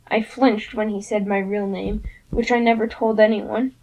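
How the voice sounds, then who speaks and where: A woman narrating a novel aloud in an expressive first-person storytelling manner. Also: medium pitch, normal speed, few pauses, low-quality recording.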